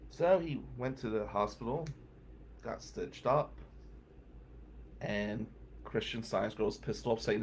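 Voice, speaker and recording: A man hosting a show, telling a personal story in a casual monologue, animated and swinging from loud outbursts to low mutters. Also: takes it slowly, long pauses, a little hiss or hum.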